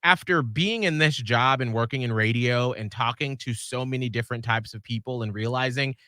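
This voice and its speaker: A man's voice: mid-range voice, normal speed, pushed and bright, dry recording, studio quality. A man co-hosting a radio show, chatting casually and reflecting on his own experience. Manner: supportive listener, adds short remarks and reflects on his own experience. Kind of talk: casual chat.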